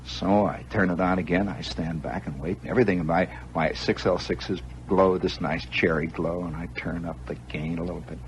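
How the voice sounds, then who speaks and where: A man with a lowish voice hosts a radio show, spinning a long improvised tale. He acts out scenes and drops chuckling asides as he goes. A faint hiss sits beneath his voice. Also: fairly even intonation, normal speed, hardly any pauses, lo-fi sound. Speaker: radio host. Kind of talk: improvised storytelling monologue.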